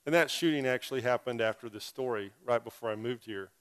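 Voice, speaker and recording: A male pastor delivers a sermon as a personal story, dropping in wry, self-deprecating asides. His voice is smooth and resonant at an ordinary pitch. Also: fast.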